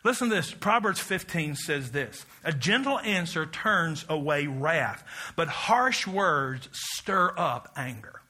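A middle-aged male preacher with a high, brilliant, ringing voice. He preaches emphatically and has the congregation repeat phrases back to him. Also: pushed and bright. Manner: emphatic, call-and-response with congregation. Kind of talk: sermon.

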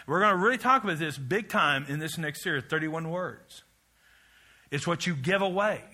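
A man's voice: a little high, lively intonation, normal speed, pushed and bright. A man preaching a rousing, rhythmic sermon, leading the congregation in chants and slipping in joking asides. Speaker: pastor.

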